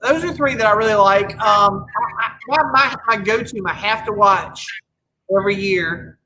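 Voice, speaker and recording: A man with a bright, forceful voice rambles through casual podcast chat, stacking up opinions and tripping over his own restarts. A faint noise sits under the recording. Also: sits high, moderate pace, low-quality recording. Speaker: podcast co-host.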